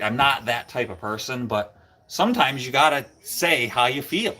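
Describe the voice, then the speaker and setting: Man host, average pitch, rambling live-stream chatter from a cold garage, faint music underneath. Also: expressive, normal speed, pushed and bright. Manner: rambling, chatty, greets viewers by name. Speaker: livestream host. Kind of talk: casual live-stream chat with viewers.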